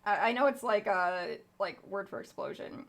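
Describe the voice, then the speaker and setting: A woman's voice: medium pitch, normal speed. A young woman streaming a video game, chatting casually in a rambling way, with lots of fillers and casual swearing. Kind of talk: casual gameplay commentary.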